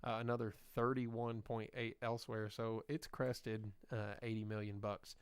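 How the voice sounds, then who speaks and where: A man's voice: on the low side, little pitch movement, moderate pace, clear, resonant tone, no room sound. A man co-hosting a podcast, running through box office figures in a casual, upbeat way with frequent fillers. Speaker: podcast co-host. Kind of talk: casual chat, reading box office numbers.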